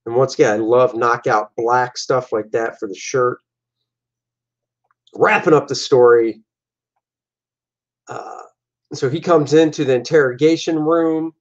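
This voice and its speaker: Animated man talking through his comic art. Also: mid-range voice, a little slow, long pauses, highs cut off. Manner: animated, jumping into voices for his characters. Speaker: comic artist and show host. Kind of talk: casual commentary on his own artwork.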